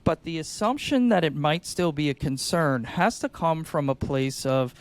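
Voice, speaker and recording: A man co-hosting a podcast, explaining sales tactics in an energetic, conversational way and acting out sing-song phone calls. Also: a little high, moderate pace.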